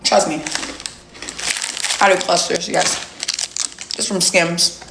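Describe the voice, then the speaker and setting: A woman's voice: lowish voice, fairly even intonation, slow, vocal fry, roomy sound, noisy background. Blunt, profane woman. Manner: blunt, profane, talks straight to viewers. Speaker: livestream host. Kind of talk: casual livestream chat.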